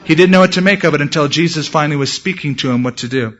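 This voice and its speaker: A man preaching a sermon in an animated, storytelling way. His voice sits a little high, and the recording sounds dull and lo-fi. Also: rapid-fire. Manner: animated storytelling, shouts acted quotes. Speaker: pastor.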